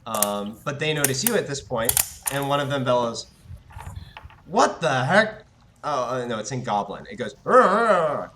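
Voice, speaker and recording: A man's voice: medium pitch, a little fast, a bit bright, a little hiss or hum. A man running a tabletop game as game master, chatting casually and narrating, with frequent hesitations.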